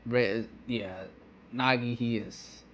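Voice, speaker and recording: A man's voice: medium pitch, steady tone, slow, a bit bright, highs cut off, a little hiss or hum. A man giving casual reaction commentary on a manga, rambling with slang, "you know" fillers and frequent restarts.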